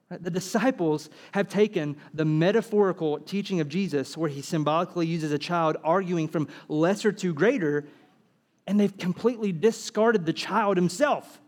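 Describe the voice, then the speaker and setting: A man delivers a sermon in a high, bright voice. He is animated, acts out little scenes of dialogue and keeps asking the congregation rhetorical questions. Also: normal speed. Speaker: preacher.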